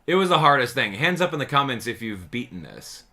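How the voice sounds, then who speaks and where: A man hosting a live stream, chatting casually and excitably with his viewers and laughing often. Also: medium pitch, brisk. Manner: excitable, animated, laughs often, addresses chat directly. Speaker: livestream host.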